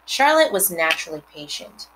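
A mother reading a storybook aloud and pausing to explain words and scenes to her listeners. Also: on the low side, very animated, noisy background.

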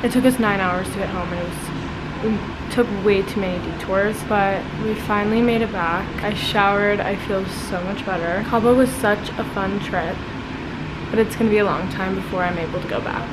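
A woman's voice: mid-range voice, normal speed, heavy background noise. A young woman vlogging in a casual, giggly way, worn out by a long trip. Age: young adult. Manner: bubbly, giggly. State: tired, worn-out voice. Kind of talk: casual vlog chat.

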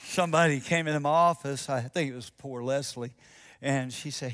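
A man, a pastor preaching a sermon and telling a story, acting out both sides of a conversation and dropping to soft, intense tones for his key points. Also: mid-range voice, fairly quick, some chatter behind.

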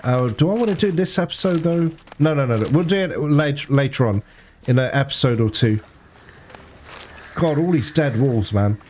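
A man commenting on his gameplay, reacting with excited, panicky outbursts. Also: mid-range voice, moderate pace, a little hiss or hum. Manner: excitable, panicky outbursts and laughter mid-fight. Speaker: let's play gamer.

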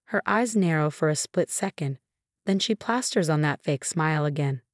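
A woman narrating a first-person story in an even, steady way. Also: low-pitched, normal speed, no echo, studio quality.

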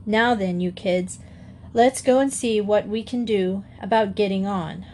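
A brisk, rough-spoken but kindly grown man gives practical orders, as a woman reading the story puts him on. His talk is quick and matter-of-fact, kept close to a plain reading voice. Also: mid-range voice, a little mellow, a little hiss or hum, close to an everyday voice.

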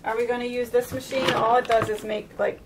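A woman's voice: on the high side, flat delivery, brisk. An older woman, a grandmother, patiently explaining a craft game to a small child at home. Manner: patient, instructive. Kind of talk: casual talk guiding a child's craft play. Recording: loud noisy home video.

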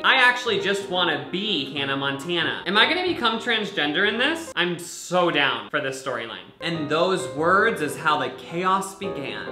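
Brief: sarcastic male YouTuber reading a story game, sharp tone, roomy echo. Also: sits high, big pitch swings, normal speed, hardly any pauses, soft background music. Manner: sassy, sarcastic commentary. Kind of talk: reading an interactive story app aloud.

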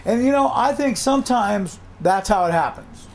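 A middle-aged man teaching a songwriting workshop, animated, acting out his own reactions as he talks. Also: sits high, moderate pace, creaky, few pauses. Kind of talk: workshop talk to a class.

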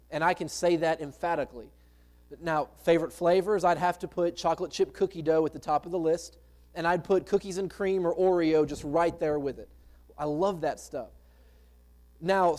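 A man's voice: high voice, darkish tone. A man preaching a sermon as pastor, in a conversational way with rhetorical questions to the congregation. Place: church sanctuary.

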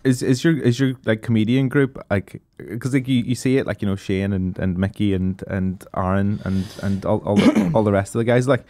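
A man's voice: on the low side, moderate pace, few pauses, mellow, no room sound. A man from Northern Ireland with its accent, a guest on a casual podcast, rambling and laughing as he jokes around. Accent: Northern Irish. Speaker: podcast guest, DJ and radio presenter.

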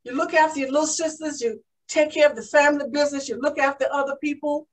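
Brief: woman as a tired, loving farm mother, soft steady delivery, one-woman stage story. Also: high voice, fast, distant mic, close to an everyday voice. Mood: tender. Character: warm, weary mother of a poor farm family.

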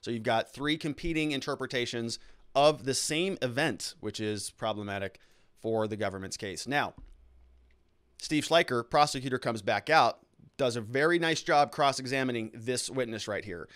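A man's voice: mid-range voice, moderate pace, a bit bright. A man hosting a show, giving casual legal commentary on courtroom testimony and explaining it step by step. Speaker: lawyer hosting a trial analysis show.

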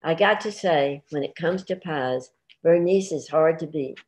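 A woman reading the part of a lean, gruff farmer who grumbles in rural dialect. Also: on the high side, unhurried, natural voice. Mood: grudging.

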